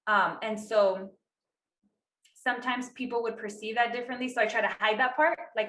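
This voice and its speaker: Chatty bright-voiced woman in her thirties. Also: on the high side, fairly even intonation, moderate pace, echoey room. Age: 30s. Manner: chatty, lots of "like" fillers, acts out quotes. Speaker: podcast co-host. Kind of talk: casual chat.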